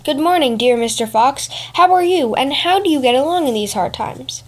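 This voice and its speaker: A woman voicing a meek but quick-witted female cat in a storybook reading. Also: sits high, lively intonation. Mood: friendly.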